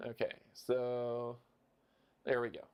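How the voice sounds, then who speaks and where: A man's voice: mid-range voice, completely flat delivery, takes it slowly, darkish tone, clean tone. A man streaming live, casually thinking aloud and counting his moves as he plays a board game. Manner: muses and counts moves under his breath.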